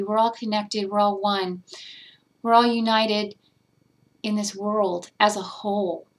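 A woman talking in a personal vlog, earnest and tender, emotional as she shares a spiritual reflection. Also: mid-range voice. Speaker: spiritual guidance vlogger. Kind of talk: heartfelt personal vlog talk.

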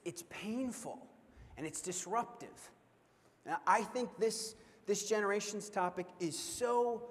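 Animated young man in a reverberant hall. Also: high-pitched. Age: young adult. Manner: animated, humorous storytelling with audience questions. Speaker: keynote speaker. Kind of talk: storytelling keynote speech. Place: large convention hall.

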